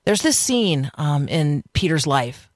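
A radio host gives an earnest devotional teaching, very animated yet slow-paced, pushing listeners with rhetorical questions. The voice sits at a middle pitch and is recorded on a dry studio mic with no room echo.

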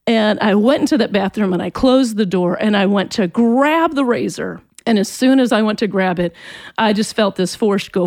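A woman's voice: mid-range voice, darkish tone, no echo. Woman giving a heartfelt faith testimony. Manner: earnest, emotional, halting retelling. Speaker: interview guest.

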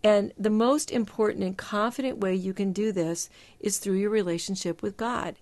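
A middle-aged woman talking as a Christian psychologist, explaining step-by-step advice in a measured, emphatic teaching manner. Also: medium pitch, steady tone, darkish tone. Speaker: Christian psychologist and show host. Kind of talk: faith-based advice talk.

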